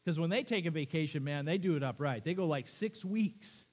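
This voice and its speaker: A man preaching a sermon as pastor to his congregation, lively and quizzing the listeners with questions. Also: on the high side, fairly quick, husky. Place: church.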